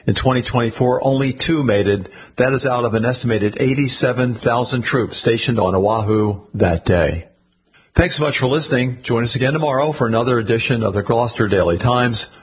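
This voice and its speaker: Husky man reading the news aloud. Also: mid-range voice, brisk. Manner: steady, with occasional slips and restarts. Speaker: newspaper reader for a radio reading service.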